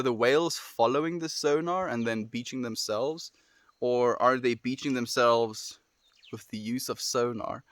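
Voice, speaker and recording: Gentle South African man, dry sound. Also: mid-range voice, dry recording. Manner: gentle, affirming, soft trailing endings. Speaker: livestreamer. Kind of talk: casual livestream chat with viewers.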